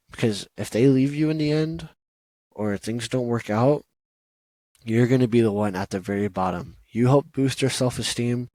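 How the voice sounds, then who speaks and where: Earnest low-voiced man giving heartfelt advice. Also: a little mellow, no echo, rough recording. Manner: earnest, repetitive reassurances, frequent "you know" and "okay?". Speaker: podcast host. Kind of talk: solo podcast monologue, heartfelt advice.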